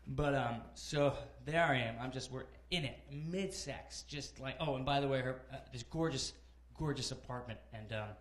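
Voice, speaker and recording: A man in his thirties doing a conversational stand-up set in a comedy club, animated storytelling with acted-out characters. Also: mid-range voice, normal speed, few pauses, reverberant. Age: 30s. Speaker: stand-up comic.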